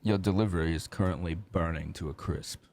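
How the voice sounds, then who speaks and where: A man playing in a tabletop game, speaking in a formal, dry, measured way. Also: deep voice, darkish tone. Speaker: player.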